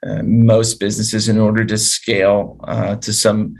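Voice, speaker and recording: A man's voice: fairly low pitch, monotone, measured pace, creaky, a little mellow. A man presenting a business training webinar as an advisor, explaining in a conversational way through client stories.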